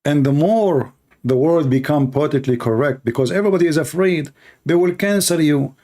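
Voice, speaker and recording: A man's voice: a little high, fairly quick, darkish tone. Emphatic man hammering short repeated phrases. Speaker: channel host. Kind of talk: impassioned monologue.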